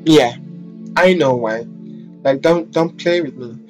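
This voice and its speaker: A man's voice: medium pitch, slow, a little mellow, soft background music. A man telling a storytime vlog about work, sassy, dramatic and full of swearing. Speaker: vlogger, hairstylist.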